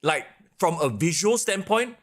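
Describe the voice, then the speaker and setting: Animated, chatty man. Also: fairly high pitch, unhurried. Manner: animated, rambling, lots of fillers. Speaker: podcast co-host. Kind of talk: casual chat.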